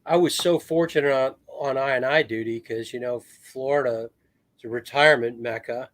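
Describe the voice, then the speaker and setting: A middle-aged American man, a retired Marine officer, telling anecdotes as a podcast guest with lively swings in his voice. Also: mid-range voice, normal speed, no room sound. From United States. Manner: animated storyteller, swings into raised voice.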